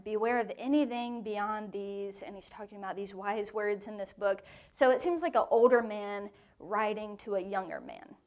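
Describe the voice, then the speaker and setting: A woman teaching a lively women's Bible study to a live group in a meeting room, with playful joking asides. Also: mid-range voice.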